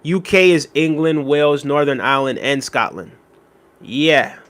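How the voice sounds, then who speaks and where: A man hosting a livestream, reading viewer comments aloud with shout-outs and quick apologies, relaxed and repetitive, with many fillers. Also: on the high side. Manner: relaxed, repeats phrases, frequent fillers. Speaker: livestream host. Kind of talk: casual livestream chat.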